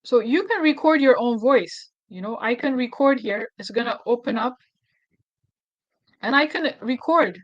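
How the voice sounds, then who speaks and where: A woman's voice: a little high, normal speed, lo-fi sound. Woman with an Ethiopian accent, thinking aloud. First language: Amharic. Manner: thinking aloud, self-deprecating, easily flustered. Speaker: activist tutorial host. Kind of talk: casual screen-recorded tutorial.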